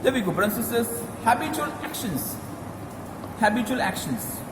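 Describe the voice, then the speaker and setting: A man's voice: very high voice, very animated, moderate pace, noisy background. A man, a priest giving a sermon in an emphatic, repetitive preaching manner with Marathi phrases mixed in. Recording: echoey hall with long reverb.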